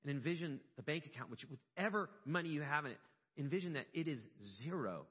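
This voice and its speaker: A husky, fairly high-pitched male voice speaks fast as a middle-aged pastor recounts a personal story during a sermon. His storytelling swells with emotion, turning animated at the climactic moments. Sound quality is dull and lo-fi, with a long hall reverb.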